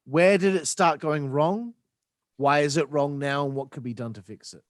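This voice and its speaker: A man's voice: fairly high pitch, normal speed, dry recording. A man hosting a casual podcast, rambling and searching for his words. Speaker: podcast host.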